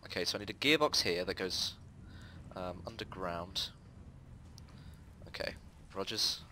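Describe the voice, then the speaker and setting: Young guy talking thru his game build, kinda low voice but bright, lots of ums. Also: a little slow, a little hiss or hum. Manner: chatty, explains his building steps with fillers. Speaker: game host. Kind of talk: casual let's-play chat.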